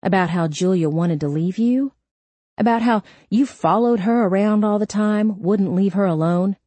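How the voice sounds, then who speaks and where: A woman voicing a tough female police detective who stays calm and cutting while questioning a suspect. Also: medium pitch, moderate pace, breathy edge, no room sound, natural voice. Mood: cool. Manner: calm and cutting, quietly menacing.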